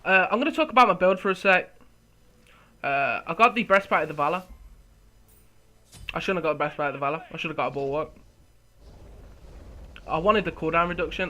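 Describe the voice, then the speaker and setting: Young guy talking through a match, chatty and self-mocking, bright, slightly high voice. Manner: chatty, laughs at himself, restarts words. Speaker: gameplay commentator. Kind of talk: casual game commentary.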